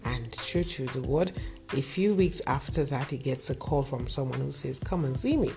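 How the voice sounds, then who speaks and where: Gravelly man telling a moral tale. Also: medium pitch, moderate pace, a little mellow. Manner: earnest, direct address to listeners. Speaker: storyteller. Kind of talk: moral storytelling monologue. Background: music playing underneath.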